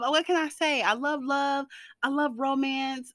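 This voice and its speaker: A young woman chats through her podcast in a bright, lively voice, rambling freely and dropping playful slang. The sound is close and dry, with no room around her. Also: high-pitched, unhurried, no echo. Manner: chatty, animated and rambling. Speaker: podcast host. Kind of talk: casual solo podcast chat.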